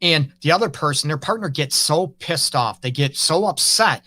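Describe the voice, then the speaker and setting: Bright, forceful male counselor host. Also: a little high, animated, moderate pace, few pauses. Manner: earnest, frank, speaks in loose run-on phrases. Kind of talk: conversational interview.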